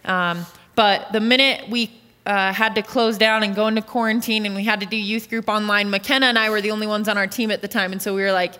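Youth pastor woman late 20s, earnest and candid, bright sharp voice, long echo. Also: mid-range voice, steady tone, brisk. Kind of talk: interview answers. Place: church auditorium stage. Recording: long reverb of a large hall.

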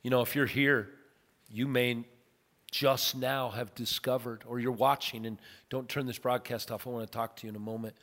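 A middle-aged male pastor preaching a sermon, telling a story with big swings from loud to soft. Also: mid-range voice, steady tone, moderate pace. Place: church sanctuary. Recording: long hall reverb.

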